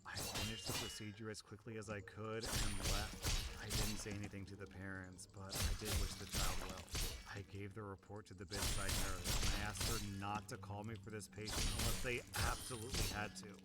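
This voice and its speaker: A young man reading online stories aloud, adding sarcastic, animated asides between them. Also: lowish voice, brisk, heavy background noise. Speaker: Reddit story narrator. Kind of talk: reading online posts with commentary.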